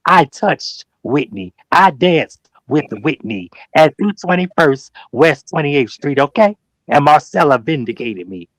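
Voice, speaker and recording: A livestream talk show guest with a voice on the high side speaks a little slowly, calling people out emphatically and preachily. He repeats his points and acts out what others said with slangy, animated mock quotes in heated talk, and the recording is dry.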